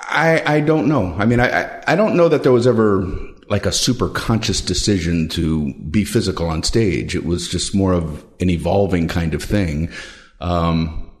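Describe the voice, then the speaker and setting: Low-voiced, halting male comedian. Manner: thoughtful, halting, self-deprecating. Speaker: stand-up comedian, guest. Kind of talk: reflective interview answers.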